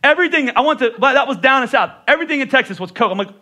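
A middle-aged male pastor from the Northeastern US, with a high, bright voice that carries well. He preaches in a loose, conversational way, joking with his congregation. His speech has a clear Northeastern accent. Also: animated, very fast. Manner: conversational and joking, with playful voice impressions. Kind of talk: sermon.

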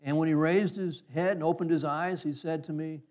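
Male pastor, folksy storyteller, fairly high voice, slightly dull muffled recording. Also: steady tone, a little fast. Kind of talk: sermon with personal story.

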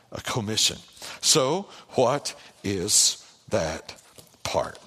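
A pastor preaching a sermon in an animated way, with repeated phrases and calls of "amen" to the congregation. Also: male voice, mid-range voice, a little slow, breathy edge. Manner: animated, repetitive rhetorical preaching with call-and-response. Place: church sanctuary. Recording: long hall reverb in a church.

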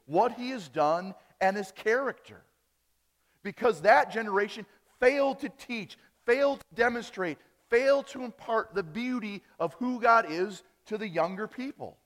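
A man from Wisconsin preaches a sermon from a church stage. His voice sits a bit high for a man, and he swings from emphatic, rising phrases to quiet endings. The church adds a long reverb around every word. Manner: emphatic preaching, rising on key phrases and dropping soft at line ends. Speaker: pastor. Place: church sanctuary.

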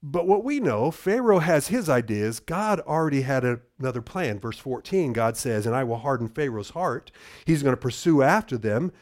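A middle-aged man preaching a sermon, telling a Bible story with dramatic drops into a low hushed voice and frequent restarts. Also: very animated, normal speed. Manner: restarts and repeats words. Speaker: pastor.

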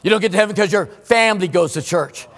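A male pastor preaching a sermon in a church, emphatic, swinging between loud exclamations and hushed asides. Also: high-pitched, fast, in a large hall. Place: church sanctuary.

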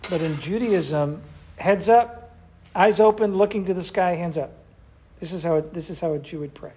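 A man's voice: sits high, normal speed, mellow, a little hiss or hum. An older man, a pastor, teaching a church class in a conversational way and asking the group questions.

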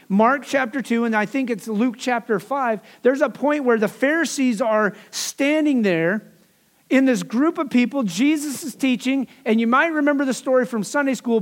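A man preaching a sermon as pastor, in a conversational way, with asides and repeated phrases. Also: very high voice.

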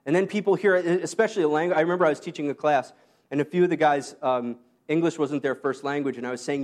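High-voiced man preaching conversationally. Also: darkish tone. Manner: conversational, self-deprecating asides and quick laughs; rises high when quoting Paul. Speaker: pastor. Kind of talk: sermon.

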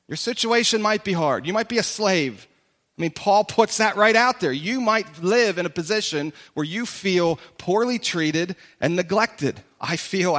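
A man with a high voice preaches an impassioned sermon. His words ring out through a church sanctuary with a long reverb, and now and then he takes on the voice of a doubting listener. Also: a bit bright. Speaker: pastor.

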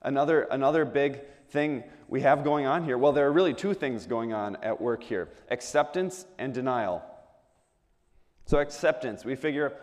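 Preacher with long hall reverb. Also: male voice, mid-range voice, moderate pace. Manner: conversational, asks the audience rhetorical questions, repeats words when restarting. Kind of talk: sermon.

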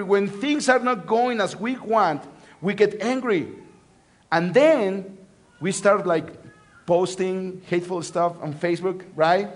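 A male pastor whose voice sits high preaches a sermon, telling a story with lots of animation. He swings from loud emphasis to hushed lines and repeats phrases for effect.

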